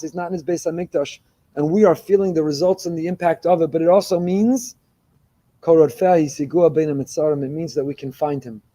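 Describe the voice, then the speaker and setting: Impassioned rabbi preaching, mellow voice. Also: male voice, a little high. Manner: impassioned, repetitive rhetorical build-ups. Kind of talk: sermon.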